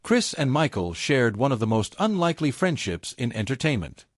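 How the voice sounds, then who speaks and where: A man's voice: medium pitch, sing-song, normal speed, dry recording, soft background music. Male voice-over narrator, scripted, dry studio sound.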